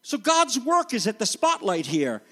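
A man preaching a sermon as pastor, animated and conversational, acting out the voices he quotes. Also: sits high, a little slow, long reverb tail.

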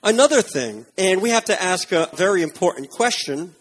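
A man delivers a sermon in a husky, somewhat high voice. He preaches earnestly, pressing his points with emphasis, then softens into quieter, reflective stretches. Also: lively intonation, normal speed. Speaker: pastor.

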